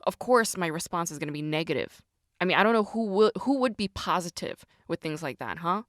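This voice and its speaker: A woman with a fairly low voice hosts a podcast, venting in a loose, profane, emphatic monologue. She keeps turning her questions back on herself. The sound is dry, with no room around her. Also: very animated, fairly quick, fairly bright tone, no room sound. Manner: confessional and self-questioning. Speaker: podcast host.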